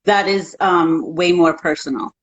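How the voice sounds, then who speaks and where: A woman guest who works as a life coach, talking in a calm, reassuring, counseling way. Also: on the low side, unhurried, highs cut off. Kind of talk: casual chat.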